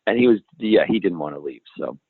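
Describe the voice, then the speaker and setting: Quick and expressive, a man with a low-sitting voice tells casual stories as an interview guest. He rambles, restarts his sentences, interrupts himself and laughs along, heard through dry, phone-like call audio.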